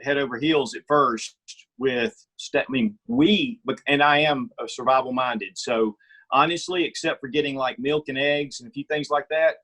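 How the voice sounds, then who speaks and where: Husky middle-aged man, opinionated. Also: mid-range voice, expressive, normal speed, fairly bright tone. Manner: opinionated, storytelling. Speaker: guest, firearms reviewer. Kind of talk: casual interview chat.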